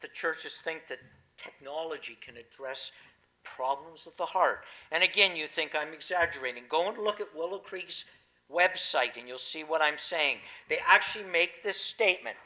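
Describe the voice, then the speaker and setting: Male preacher delivering a sermon, emphatic, bright and somewhat high-pitched. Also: moderate pace, poor audio. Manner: emphatic, rising to loud stresses then dropping quiet. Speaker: pastor.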